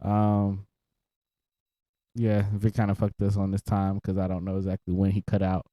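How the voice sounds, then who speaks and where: A man's voice: low-pitched, completely flat delivery, moderate pace, warm tone, no room sound. Laid-back laughing man, dry close sound. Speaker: podcast co-host. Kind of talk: casual chat.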